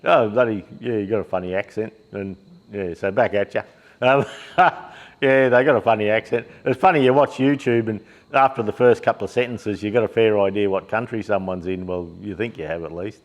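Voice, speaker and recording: A man's voice: fairly low pitch, brisk. Rambling, blokey Australian man. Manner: rambling and blokey, with filler words, laughs and mild swearing. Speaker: shop owner and YouTube host. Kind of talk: casual shed chat to camera. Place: workshop shed.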